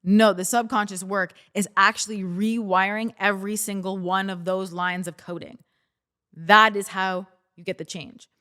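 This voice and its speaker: A woman's voice: mid-range voice, steady tone, normal speed, bright, forceful tone. Woman coaching listeners in casual talk. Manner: conversational, coaching, acts out listeners' reactions. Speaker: podcast host. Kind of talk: casual self-help talk.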